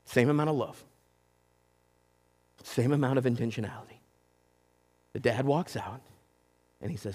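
A man preaching a sermon in an animated way, acting out quotes and talking straight to his audience. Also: mid-range voice, moderate pace, pauses often, long reverb tail. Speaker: pastor.

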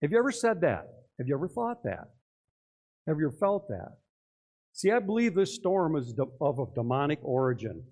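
An older man preaching with a lively, swinging delivery and a slightly higher voice than most. He acts out little scenes and keeps tossing questions to the congregation. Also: moderate pace, long pauses. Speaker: pastor. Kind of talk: sermon.

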